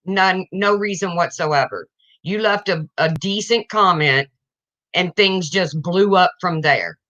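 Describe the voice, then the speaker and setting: Indignant woman with a bright, sharp voice. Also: fairly low pitch, slow, lo-fi sound. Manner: indignant, confrontational, addresses viewers directly. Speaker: livestreamer. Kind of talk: livestream rant to viewers.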